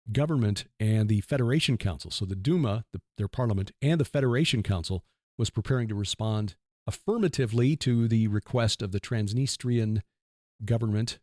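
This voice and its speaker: Male co-host, low voice, measured and halting delivery with fillers, dry studio sound. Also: a little mellow, no echo. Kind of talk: casual political chat.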